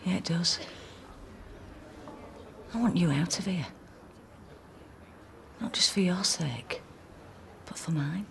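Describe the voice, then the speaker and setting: A woman's voice: fairly low pitch, takes it slowly, vocal fry, pauses often, slight background noise. An actress playing a woman who pleads earnestly with her husband in prison. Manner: earnest, pleading, often hushed.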